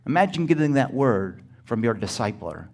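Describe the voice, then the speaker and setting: A male pastor preaching a sermon, emphatic and often rising to near-shouted exclamations, calling out to the congregation for a response. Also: mid-range voice, very animated, normal speed.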